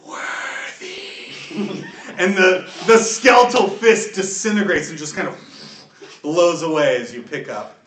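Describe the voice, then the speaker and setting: A man's voice: fairly high pitch, normal speed, fairly bright tone, a little hiss or hum. Man, game master, tabletop narration, chatty, echoey room, distant mic. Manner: loose, chatty narration with many fillers and laughs.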